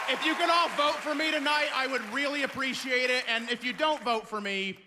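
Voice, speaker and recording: A man's voice: very high-pitched, fast, few pauses, over a noisy crowd, heavy background noise. A man doing dry, self-deprecating stand-up comedy on a theater stage. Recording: reverberant theater with audience.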